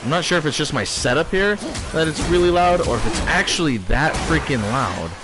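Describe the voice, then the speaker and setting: A man's voice: fairly high pitch, animated, fairly quick, noisy background. A young man giving casual, joking let's-play commentary, swearing freely and rambling as he plays. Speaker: gaming streamer. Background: loud game audio with music.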